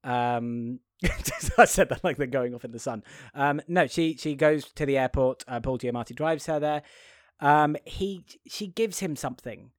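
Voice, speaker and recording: A man's voice: mid-range voice, no echo. A man recaps a film in casual podcast chat, stopping and restarting often with plenty of fillers. The recording is dry and close, with almost no room sound. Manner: halting, with frequent fillers and laughs. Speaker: podcast co-host.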